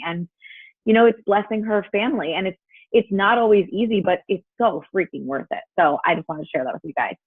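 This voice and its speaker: A woman's voice: medium pitch, dry recording. A woman telling a story on a group video call through an earbud, chatty and full of fillers and quoted dialogue. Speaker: team member sharing a story. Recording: tinny phone-like call audio.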